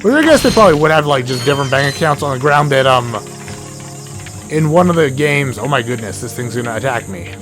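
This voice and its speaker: A man with a middling pitch talks through a video game in loose, rambling commentary, correcting himself mid-sentence and tossing in jokey asides. His voice is wearing out and turning hoarse, cracking now and then. Game music plays clearly behind him. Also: expressive, fairly quick. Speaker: let's play host. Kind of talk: casual gameplay commentary. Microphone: desk mic with a cable that gets knocked.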